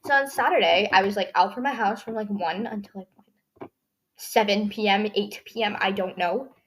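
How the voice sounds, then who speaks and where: A teenage girl talks through her solo podcast in a loose, rambling way, leaning on "like" constantly. Her throat sounds a little dry and scratchy, and her voice sits at an ordinary middle pitch. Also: normal speed. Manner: chatty, rambling, heavy use of "like". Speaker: podcast host. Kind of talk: casual solo podcast chat.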